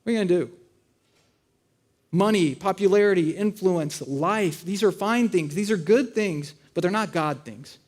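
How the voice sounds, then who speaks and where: A man in his thirties preaches in a church auditorium, keeping the sermon conversational with funny stories about his family and acted-out voices. He speaks at a moderate pace in a high voice.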